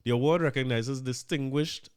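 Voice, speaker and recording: A man's voice: mid-range voice, moderate pace, darkish tone, clean tone. A man with a Trinidadian accent, hosting a podcast in casual, chatty commentary with laughing, opinionated asides. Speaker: podcast host.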